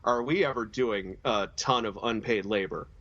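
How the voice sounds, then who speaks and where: A man co-hosting a casual podcast discussion, blunt and forceful, swearing freely. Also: on the low side, normal speed, lo-fi sound. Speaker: podcast co-host.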